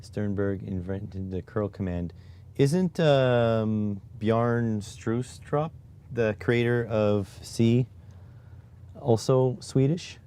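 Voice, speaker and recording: A man's voice: on the low side, slow, mellow, smooth. A man from Canada chatting casually on a live stream, muttering to himself while typing and reading chat. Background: keyboard typing.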